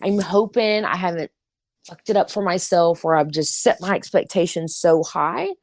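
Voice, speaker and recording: A woman's voice: fairly low pitch, normal speed. A woman, co-hosting a casual podcast in a chatty, upbeat way with frequent ums. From Nashville, Tennessee. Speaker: podcast co-host. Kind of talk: casual chat.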